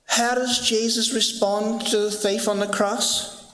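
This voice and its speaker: A man's voice: sits high, little pitch movement, unhurried, a bit bright. A man preaching a sermon as pastor, earnest and emphatic, with lots of repetition. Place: church sanctuary. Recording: echoey church hall reverb.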